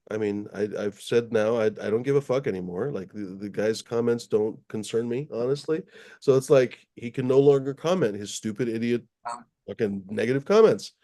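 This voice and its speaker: A man hosting a livestream in a loose, rambling way, with frequent swearing and plenty of uhs. His voice is mellow and dark, at a medium pitch for a man. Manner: rambling, profane, with many fillers. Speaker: livestream host. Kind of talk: casual livestream chat.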